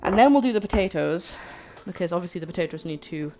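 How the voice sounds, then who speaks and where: A woman's voice: on the low side, animated, quick pace, a little mellow. A woman hosting a cooking livestream, chatting playfully with her viewers as she works. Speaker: cooking stream host. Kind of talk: casual livestream chat while cooking. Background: faint background music.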